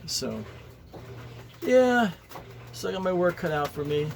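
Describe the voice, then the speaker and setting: A man with a high, very animated voice and some vocal fry talks to the camera at a measured pace in a casual home vlog, later filming by a pool. He stammers, repeats words and restarts sentences as he rambles, earnest and homespun and fond of small comforts. A slight hiss or hum sits in the recording.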